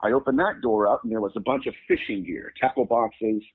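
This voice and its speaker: Guy telling a story in an interview, kinda husky, earnest, sounds like a phone call. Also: fairly low pitch, huge pitch swings, fairly quick. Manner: earnest, recounts events and quotes himself. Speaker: guest, religious demonologist.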